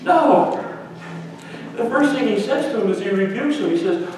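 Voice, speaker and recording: Pastor guy preaching, kinda high voice, big echoey church, sounds far from the mic. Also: moderate pace, a little hiss or hum. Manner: lively preaching, swings between loud and hushed. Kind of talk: sermon. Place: church sanctuary.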